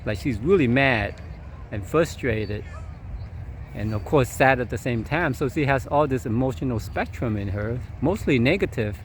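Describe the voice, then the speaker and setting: A man vlogging outside at sunset, rambling through a personal story in a loose, chuckling way. His voice sits at an ordinary mid pitch, with a faint hiss of outdoor noise behind him. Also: lively intonation, normal speed. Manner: meandering, chuckling, filler-heavy.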